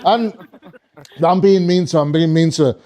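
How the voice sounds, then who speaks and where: A man's voice: fairly high pitch, steady tone, fast talker, dark tone. A man doing a live stand-up routine on a comedy club stage, rambling, swearing and talking to the crowd.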